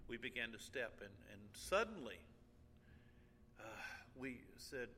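Older preacher telling a story, bright voice. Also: male voice, in a large hall, a little hiss or hum. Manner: animated storyteller, jumps high and loud when angry or excited; halting, restarts with um and uh. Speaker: pastor. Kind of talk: sermon storytelling.

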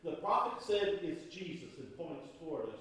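A man preaching a sermon as pastor, swinging between loud and quiet passages. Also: fairly high pitch, big pitch swings, normal speed, husky. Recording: long reverb of a large hall.

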